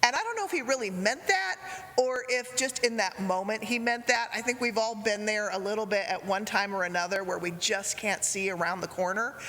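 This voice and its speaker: A woman gives a sermon in a church sanctuary, her voice bright and clear. She tells the story gently and unhurriedly. The sound carries a long reverberant tail from the hall. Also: mid-range voice, fairly quick. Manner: gentle storytelling with acted quotes. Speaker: preacher.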